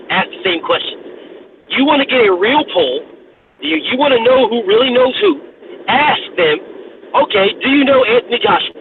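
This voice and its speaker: A man with a high, lively voice rants about boxing in casual, profane chat, repeating phrases as he builds his case. He comes through a thin, phone-like line with steady noise behind him. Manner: animated, profane, repeats himself and restarts. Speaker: boxing talk show co-host.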